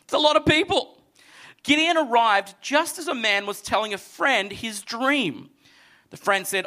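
A male pastor delivers a sermon in a high, bright voice, and his delivery is animated and lively as he acts out the characters in the story. He addresses a seated congregation, shifting between energetic retelling and quieter, earnest exhortation. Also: measured pace. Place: church hall with congregation.

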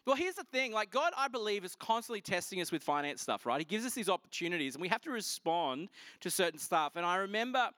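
Australian male pastor, high voice, playful and animated, dry recording. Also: quick pace, no room sound. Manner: animated, joking, quizzes the congregation. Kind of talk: sermon.

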